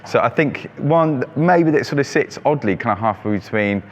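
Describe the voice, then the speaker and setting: With a mid-range voice, lively intonation, and a moderate pace, this man walks through a shop's monthly wine selection in relaxed, filler-heavy talk. Traffic can be heard outside, and there's a little hiss or hum.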